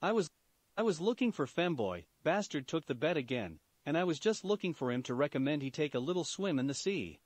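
A man's voice: on the high side, very animated, fairly quick, a little mellow, dry recording. A man voicing a brash, crude teenage ninja girl who mocks others in a fan-fiction reading. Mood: teasing. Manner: mocking, brash. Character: brash crude red-haired teenage kunoichi.

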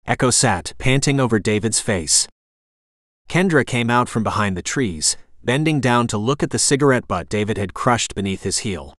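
A man reading a suspense novel aloud as audiobook narrator, steady and lively. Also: mid-range voice, normal speed, no echo, clean studio sound. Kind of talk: scripted narration.

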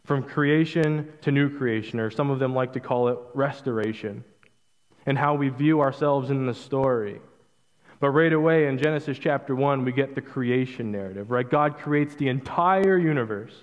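A man's voice: mid-range voice, normal speed, in a large hall, dull audio. A man preaching a sermon as pastor, retelling scripture in a casual, storytelling way with voiced quotes. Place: church sanctuary.

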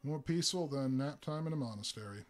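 Folksy old bar regular, voiced by a man reading aloud, pitched up, in a mid-range voice, amused drawl. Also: animated, fast, faint music behind, natural voice. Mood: easygoing.

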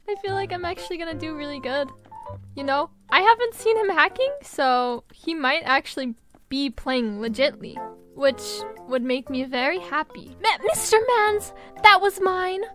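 Young woman gamer, very high bright voice, dramatic, teasing commentary, game music behind. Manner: teasing, dramatic, giggly trash talk. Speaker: gaming YouTuber. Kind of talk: playful gaming commentary.

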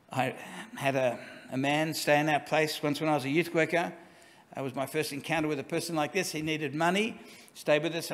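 A man delivers a sermon in a relaxed, storytelling manner, often restarting his sentences and adding asides. His voice sits a little higher than most men's. The church around him rings with a long reverb. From Australia. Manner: conversational, anecdotal, with restarts and asides. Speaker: preacher.

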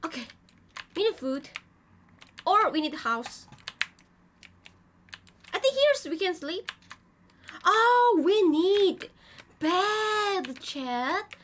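A young woman streaming a game in casual, simple broken English, excitable, with squeals, gasps and sing-song humming. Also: very high voice, very slow, pauses often, a little hiss or hum. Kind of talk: casual gameplay chat.

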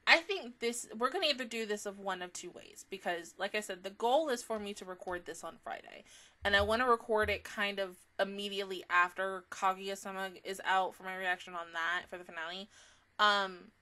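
A woman's voice: mid-range voice, fairly quick, sharp tone. A young woman giving a casual, emotional anime reaction review, gushing with frequent fillers and swearing.

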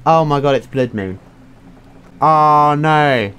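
Excitable, sweary young man gaming. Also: on the high side, slow pace, a little hiss or hum. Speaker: gaming video creator. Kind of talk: game commentary. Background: faint game music.

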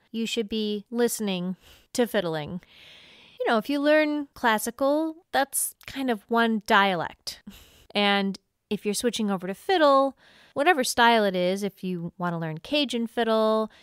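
A woman's voice: fairly high pitch, clear, resonant tone, dry recording, studio quality. A woman teaching fiddle on a podcast in a friendly way, laughing often and singing bowing rhythms aloud. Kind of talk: instructional podcast talk.

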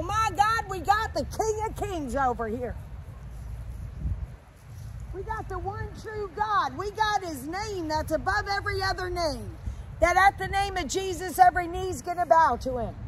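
A woman's voice: very high-pitched, expressive, a little slow. A woman minister preaching and praying in an urgent, pleading, emotional way, recorded outdoors. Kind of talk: impassioned preaching and prayer. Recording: outdoor traffic noise behind voice.

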